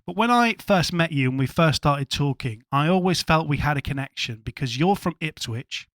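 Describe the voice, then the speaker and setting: A man hosts a casual podcast interview, friendly and eager, tripping over his restarts. His voice sits fairly high for a man. The mic sound is close and dry. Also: animated, moderate pace, fairly bright tone, dry recording. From England (Hull). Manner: friendly, enthusiastic, stumbling restarts. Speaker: podcast host.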